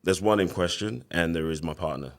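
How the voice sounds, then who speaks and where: A man with a London accent in his thirties, a podcast guest telling his story in a casual, animated way. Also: low-pitched, brisk, gravelly. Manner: animated retelling with acted quotes.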